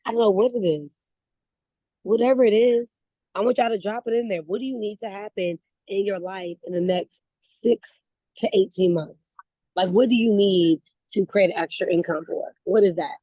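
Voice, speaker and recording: Animated woman on a dry video call. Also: mid-range voice, moderate pace, no echo, poor audio. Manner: animated, conversational, repeats words, laughs while talking. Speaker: network marketing team leader. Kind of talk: motivational talk on a video call.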